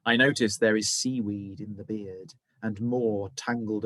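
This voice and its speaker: A male teacher reading a children's novel aloud, with expressive, dramatic storytelling. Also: lowish voice, slow pace, no room sound.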